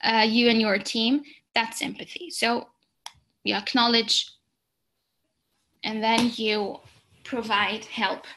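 A woman's voice: a little high, steady tone, slow, long pauses, a bit bright, a little hiss or hum. A woman teaching exam preparation in a recorded lecture, explaining step by step, repeating key points and checking in with "okay?".

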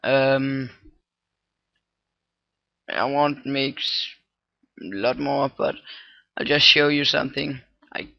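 Tutorial guy, very slow and gravelly, muttering through fillers and restarts, dull dry cheap-mic sound. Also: dry recording. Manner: halting, thinks aloud, many fillers and restarts. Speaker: scripting tutorial maker. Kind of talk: casual screen-recorded coding tutorial. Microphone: cheap computer microphone. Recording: dull, low-quality microphone.

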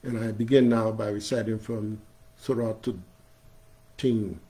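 A male imam giving a sermon, preaching emphatically, growing loud on key phrases and chanting scripture. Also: fairly low pitch, level tone, takes it slowly. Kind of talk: Friday sermon. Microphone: streamed live online.

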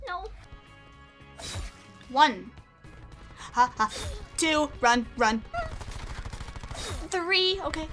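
A young woman giving giggly, excitable commentary while playing a video game. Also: high-pitched, slow pace, long pauses, faint music behind. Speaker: gaming streamer. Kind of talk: live gameplay commentary.

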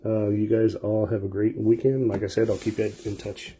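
A man's voice: on the low side, flat delivery, normal speed, warm tone, slight background noise. A man casually calling out player names and card finds as he opens packs during a live sports card break.

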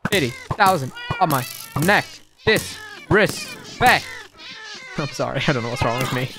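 Excitable young man narrating his gameplay. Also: medium pitch, moderate pace. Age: young adult. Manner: excitable, talks to mobs, sudden shouts and mutters. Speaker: gaming YouTuber. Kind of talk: casual gameplay commentary.

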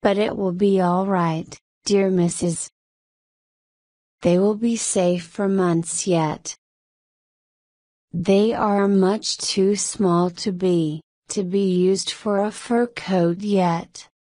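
Give me a loving dalmatian father dog, steady and unhurried, read by a woman narrator. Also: mid-range voice, no room sound, clean studio sound, close to an everyday voice. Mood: gentle. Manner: steady, encouraging.

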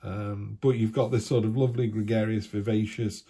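A man gives a casual tarot reading in a husky, slightly low voice. His tone is mellow and unhurried, and he rambles chattily from card to card with little asides. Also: steady tone. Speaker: tarot reader.

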